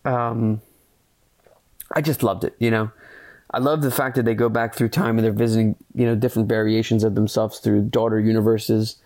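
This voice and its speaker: Here a male podcaster chats on his own about a film, rambling and packing in fillers. His pitch sits on the low side and his pace is normal, while his manner stays earnest and excitable, with casual swearing.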